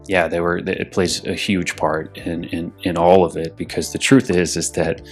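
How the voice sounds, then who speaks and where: A man who is an actor talks casually in an interview. He rambles with many restarts and repeated words, and acts out his own frantic thoughts in a loud, high voice. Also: level tone, moderate pace, soft background music.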